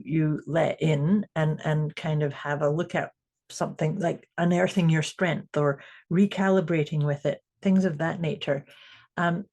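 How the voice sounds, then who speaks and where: A woman co-hosting a podcast as a coach, talking thoughtfully and pausing to find her words. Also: on the low side, mellow. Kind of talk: casual chat.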